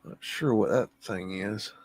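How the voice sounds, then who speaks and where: A man's voice: lowish voice, measured pace, a little mellow. A man hosting a livestream, musing aloud and easily amazed as he comments on photos, humming to himself between remarks. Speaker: livestream host.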